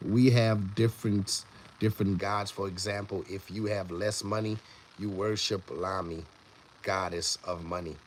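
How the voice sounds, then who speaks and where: A man's voice: low-pitched, steady tone, a little slow, slight background noise. A man hosting a casual live stream who rambles, restarts his sentences and greets viewers in the chat by name. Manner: rambling, with many restarts and repeated words. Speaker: livestream host.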